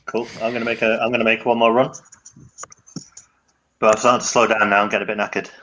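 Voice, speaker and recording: A man's voice: fairly low pitch, little pitch movement, fast talker, bright, forceful tone, a little hiss or hum. A man playing a tabletop game, joking and laughing often. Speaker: player.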